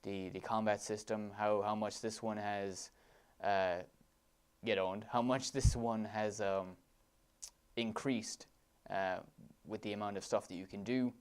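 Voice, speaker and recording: A man's voice: fairly low pitch, fairly even intonation, a little slow, smooth. A man with an Irish accent giving enthusiastic commentary over gameplay footage, gushing about what he sees. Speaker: let's play commentator.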